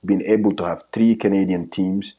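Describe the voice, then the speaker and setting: A man with a very low voice gives soccer analysis during a live watch stream. He talks earnestly and often repeats or restarts his phrases. The audio sounds dull and lo-fi. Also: steady tone, moderate pace. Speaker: soccer coach and guest analyst. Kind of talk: live match commentary chat.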